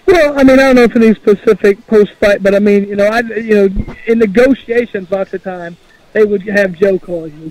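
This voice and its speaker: A man's voice: high-pitched, fairly quick, a little mellow, no echo, low-quality recording. A man from Indiana who is a retired fighter, answering questions on a radio show in a plain-spoken, rambling way. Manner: plain-spoken, rambling, quotes others in his own voice. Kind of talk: casual radio interview.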